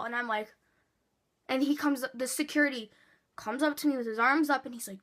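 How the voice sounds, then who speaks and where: A woman vlogger telling a storytime in an animated way, swearing freely and acting out quotes. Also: high voice, brisk. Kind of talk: storytime vlog.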